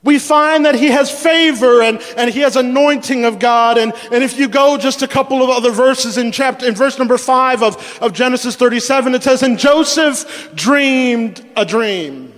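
A man's voice: extremely high pitch, steady tone, a little fast, few pauses, a bit bright, long reverb tail. A male pastor preaching a sermon, asking the congregation questions and repeating words as he builds each point.

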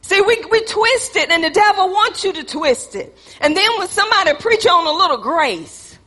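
A woman's voice: very high-pitched, lively intonation, normal speed, sharp tone, in a large hall. A woman pastor preaching a sermon in a church, with call-and-response and acted-out dialogue.

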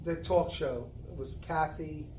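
A man in his sixties, a podcast guest telling a story in an animated, casual way. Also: on the high side, slow, slight background noise. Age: 60s. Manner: animated storyteller, acting out others' voices. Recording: echoey room.

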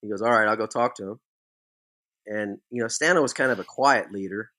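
A man's voice: lowish voice, a little fast, pushed and bright. A man hosting a casual podcast interview, telling playful team stories and asking about his guest's hitting. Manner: easygoing storyteller, playful prankster tone. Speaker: podcast host, former ballplayer.

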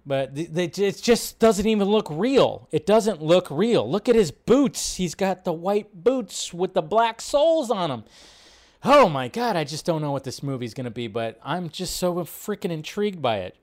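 A man with a somewhat high voice hosts a casual live stream into a desk mic. He rambles, curses freely and laughs often as he reacts to chat. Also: lively intonation, normal speed.

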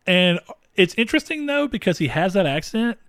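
A man's voice: high voice, very animated, fairly quick, a bit bright, no room sound. A young man from the American South co-hosting a podcast, chatting casually and rambling with many fillers and frequent laughs. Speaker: podcast co-host. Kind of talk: casual chat.

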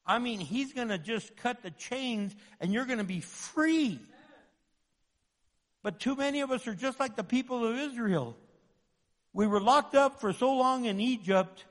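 A man preaching a sermon as pastor, lively and humorous, acting out the voices of the people he quotes. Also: very high voice, a little slow, in a large hall.

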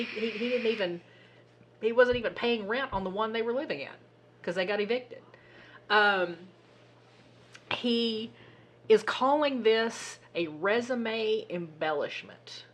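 Woman co-host, husky, worked-up chatty delivery, mid-range voice. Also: mid-range voice. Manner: animated, exasperated storytelling with swearing. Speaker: podcast co-host. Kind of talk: casual chat.

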